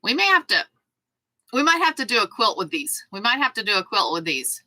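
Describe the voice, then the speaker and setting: A chatty woman hosts a sewing livestream, with a bright, forward tone. She talks casually, greets viewers by name and fusses over her dog. The sound is dry and close, with little room echo. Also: mid-range voice, very animated, a little fast.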